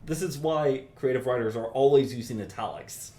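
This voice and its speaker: A man teaching a private composition lesson, explaining in a relaxed, chatty way with many ums. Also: medium pitch, moderate pace. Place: university music lesson room.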